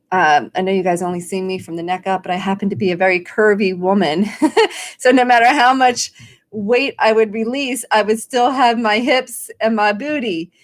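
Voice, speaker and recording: A woman life coach talking on a live stream, encouraging and rambling a little, acting out the questions she wants viewers to ask themselves. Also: medium pitch. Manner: encouraging, rambling with restarts and quoted self-questions. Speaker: life coach hosting a daily challenge.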